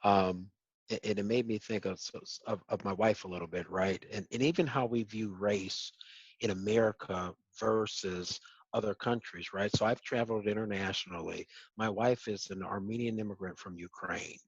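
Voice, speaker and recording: A man's voice: on the low side, fairly even intonation, moderate pace, breathy edge, no echo, lo-fi sound. A man hosting a panel discussion, speaking conversationally with many stammering restarts. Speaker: host.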